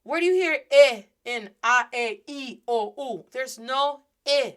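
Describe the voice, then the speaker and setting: Animated woman teaching Spanish vowels. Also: sits high, slow pace, hardly any pauses. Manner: animated, mixes Spanish phrases into English. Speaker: podcast host and Spanish teacher. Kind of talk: playful language lesson.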